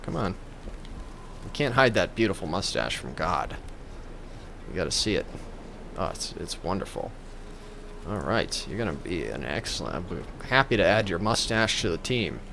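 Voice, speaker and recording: A man's voice: low-pitched, big pitch swings, moderate pace, creaky, long pauses, bright, forceful tone, slight background noise. A man giving comedic gameplay commentary as a gaming YouTuber, joking in a playful, mock-reverent way.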